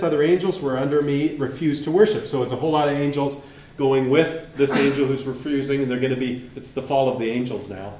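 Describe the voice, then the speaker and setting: A man in a lecture-style podcast who reads quotations aloud and then breaks in with casual commentary and rhetorical questions. His voice sits at an ordinary middle pitch. The recording has a roomy echo with faint ambience underneath. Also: darkish tone, a little hiss or hum.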